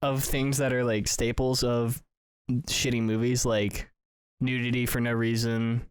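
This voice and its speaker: A man's voice: mid-range voice, flat delivery, unhurried, smooth, no echo. Joking man on a dry-sounding podcast. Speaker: podcast co-host. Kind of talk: casual chat.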